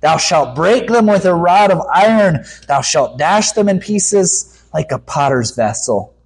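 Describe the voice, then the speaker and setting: Slow, emphatic male preacher. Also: lively intonation, breathy edge. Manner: emphatic, rising for quoted voices and dropping low for scripture. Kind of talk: sermon.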